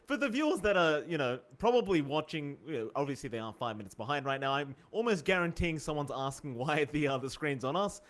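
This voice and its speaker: A young man casting an esports match live, trading playful teasing banter with his co-caster and getting excitable in the play-by-play. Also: medium pitch. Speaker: esports commentator. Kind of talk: live game commentary and banter.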